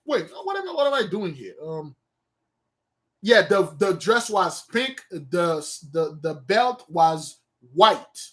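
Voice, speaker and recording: A man with a high voice leads an unhurried, informal study session. He talks his way through the text at a slow pace, thinking aloud and often stopping to correct himself. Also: big pitch swings, fairly bright tone. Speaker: study host.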